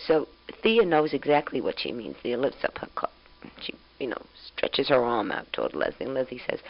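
A woman's voice: very deep voice, sing-song, brisk. A young woman talks into a tape recorder, sending a spoken letter to her husband far away. She sounds chatty and fond, with an amused lilt. The sound is dull and muffled, like an old home cassette.

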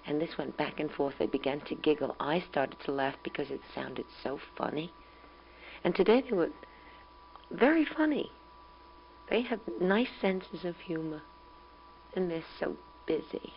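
A young mother speaking calmly and tenderly, recording a rambling spoken letter at home on a tape recorder. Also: low-pitched, measured pace, creaky, long pauses. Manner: calm, tender, rambling and reflective. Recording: dull old home tape with hum.

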